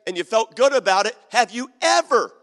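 A man's voice: very high-pitched, big pitch swings, fairly quick, fairly bright tone. A male pastor preaching a sermon, emphatic and repetitive, acting out the quotes in his story. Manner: emphatic, repeats key lines, acts out quotes. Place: church sanctuary. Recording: long hall reverb.

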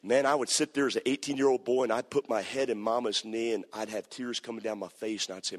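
A male pastor preaching a sermon, moving between hushed storytelling and shouting. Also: mid-range voice, fairly even intonation, fast talker, few pauses. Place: church sanctuary. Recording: echoey church hall.

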